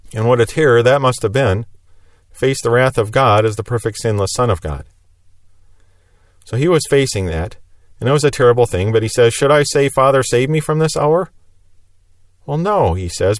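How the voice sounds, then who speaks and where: A man's voice: mid-range voice, no echo, studio quality. A man preaching a sermon in an earnest, explanatory way, stressing repeated phrases.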